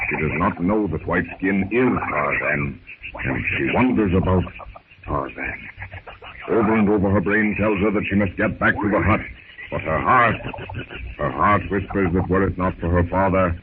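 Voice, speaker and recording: Low-voiced 1930s radio narrator, man. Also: lively intonation, phone-quality sound. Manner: measured, descriptive. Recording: scratchy 1930s radio with hiss.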